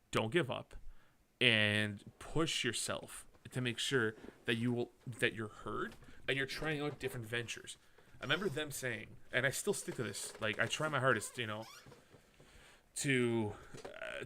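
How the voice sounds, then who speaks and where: A man's voice: medium pitch, a bit bright. A man from Canada hosting a solo podcast, drinking as he talks, rambling casually, correcting himself and swearing now and then. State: drinking while talking. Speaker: podcast host.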